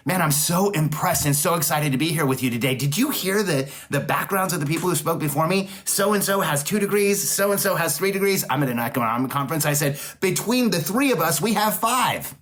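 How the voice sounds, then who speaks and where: A man's voice: fairly high pitch, fairly quick, few pauses, a bit bright. A man hosting a solo podcast, speaking emphatically in repeated rallying phrases and often correcting himself mid-sentence. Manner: self-correcting restarts. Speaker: podcast host, business coach.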